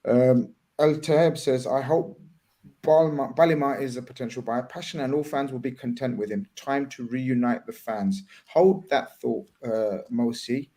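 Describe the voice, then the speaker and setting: Hosting a laid-back live stream, a man haltingly reads aloud the messages viewers send in and puts questions about them to his guests. His voice is warm and falls in the middle range.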